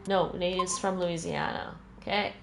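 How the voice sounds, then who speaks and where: A woman's voice: on the low side, fairly even intonation, normal speed, gravelly, faint music behind. Chatty woman streamer, laughs often. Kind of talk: casual chat while gaming.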